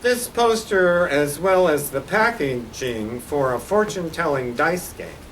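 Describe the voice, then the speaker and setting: A man's voice: on the high side, animated, a little slow, a bit bright. An older man, a guest artist, gives a slide-show lecture about his posters with dry, wry humor. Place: college lecture hall. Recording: distant mic with faint background noise.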